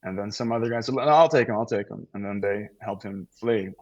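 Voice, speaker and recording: Brief: a relaxed male guest from the Netherlands, Dutch native, lower voice, slightly muffled audio. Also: fast talker. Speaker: actor guest. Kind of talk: casual interview chat.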